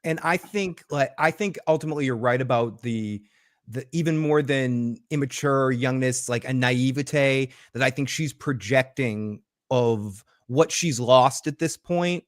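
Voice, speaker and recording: A man's voice: medium pitch, a little slow, no room sound, studio quality. Rambling, profane man on a live stream. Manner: rambling, profane, many fillers. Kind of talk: casual chat.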